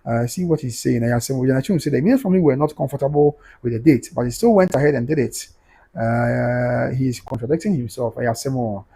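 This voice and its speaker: Husky Ghanaian man reading comments. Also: mid-range voice, a little fast, warm tone. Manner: reads comments aloud, mixes English and Twi, repeats "okay, okay". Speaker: livestream host reading viewer comments. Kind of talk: casual livestream chat.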